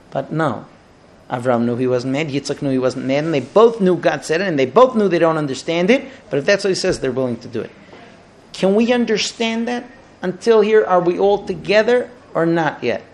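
A man with a fairly high voice leads a group through a storytelling Torah lesson outdoors. He keeps throwing rhetorical questions at his listeners to pull them in. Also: lively intonation, brisk, a little mellow. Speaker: Torah teacher guiding a group. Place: outdoors at a holy site.

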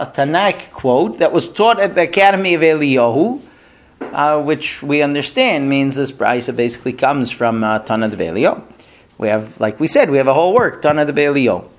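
A man teaching a Talmud class to students, telling a story animatedly and acting out the quotes. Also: on the high side. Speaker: Torah teacher.

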